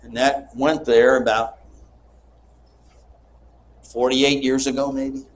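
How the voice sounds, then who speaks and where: An older preacher in his sixties delivers his sermon slowly and deliberately. His pitch sits in the middle, and he leans into his emphases. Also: level tone. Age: 60s.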